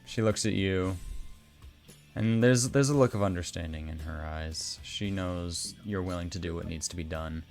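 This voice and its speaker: A man narrates as game master in a loose, casual way with frequent restarts. His voice sits low. Faint music runs underneath. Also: moderate pace, darkish tone.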